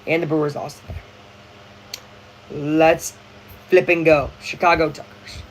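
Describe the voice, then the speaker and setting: A young man hosting a casual live baseball watch-along, chatty and excitable, full of slang. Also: on the high side, measured pace, slight background noise, poor audio. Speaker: livestream host.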